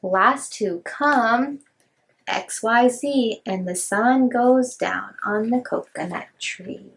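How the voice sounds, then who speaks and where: A woman's voice: on the high side, takes it slowly, fairly bright tone. A woman reading picture books aloud to young children in a sing-song, rhyming way, chatting a little between books. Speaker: children's storyteller.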